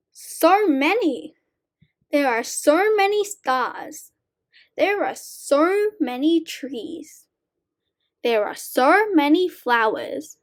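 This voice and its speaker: Woman teacher, high voice, very slow and clear, reading sight word poems to young kids.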